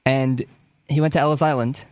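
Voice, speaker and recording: A man co-hosting a casual comedy podcast, playful and quick to jump into silly bits. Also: mid-range voice, steady tone, a little mellow. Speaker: podcast co-host.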